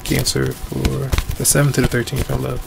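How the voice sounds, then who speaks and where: A man giving a casual tarot reading, easygoing and rambling, his voice going hoarse. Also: medium pitch, monotone, normal speed, heavy background noise. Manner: easygoing, rambling with many ums. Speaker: tarot reader.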